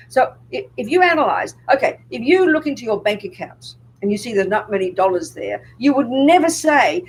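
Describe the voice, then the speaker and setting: A woman's voice: a little high, lively intonation, brisk, a little hiss or hum, poor audio. Older nun lady teaching buddhism to a crowd, punchy, keeps firing questions at them. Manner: emphatic, asks the audience rhetorical questions. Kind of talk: public dharma talk to an audience.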